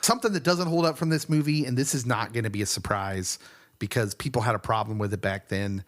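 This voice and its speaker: A man co-hosting a casual pop culture podcast, animated and laughing often. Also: mid-range voice, fast talker. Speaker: podcast co-host. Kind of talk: casual chat.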